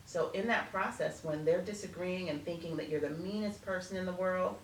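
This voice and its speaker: A middle-aged woman speaking as an interview guest, an animated storyteller who acts out family conversations. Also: lowish voice, a little fast. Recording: echoey room, distant from mic, faint noise.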